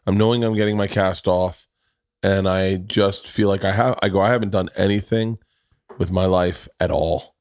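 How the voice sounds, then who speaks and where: A man's voice: low-pitched, steady tone, moderate pace, darkish tone, no room sound, studio quality. A man in his forties hosting a podcast, telling rambling, self-deprecating stories full of restarts. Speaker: podcast host. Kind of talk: casual podcast conversation.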